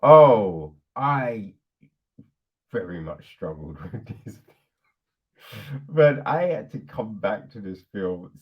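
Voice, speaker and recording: A man chats through a film review on his podcast with a lively, swooping voice, slow and drawn out. He laughs often and slips into mocking put-on voices for the characters. The audio is dull and lo-fi. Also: lowish voice. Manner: animated, laughing, acts out quotes in put-on voices. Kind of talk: casual spoken film review.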